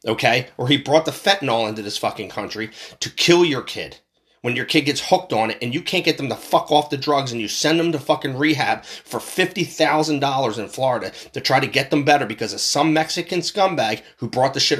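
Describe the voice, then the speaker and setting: Man from Philadelphia, mid-pitched voice, fired-up profane rant, hammering his points over and over. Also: a bit bright. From Philadelphia, USA. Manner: heated, profane, repetitive. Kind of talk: angry political rant.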